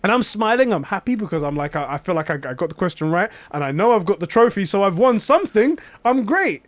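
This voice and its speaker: Guy on a podcast telling a story, fairly high voice, dry close mic, keeps doing the other people's voices. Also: fast talker, dry recording. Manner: animated, acts out quoted voices. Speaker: podcast co-host. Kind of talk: casual storytelling chat.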